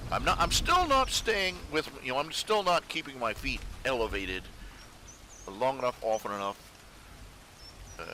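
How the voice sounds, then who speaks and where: A man talking to his viewers from his computer at home, casual and meandering, full of fillers and restarts. His voice sits a bit low. A steady noise runs under the recording. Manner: rambling, hesitant, many fillers and restarts. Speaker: webcomic artist streaming live. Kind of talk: casual live-stream talk to viewers.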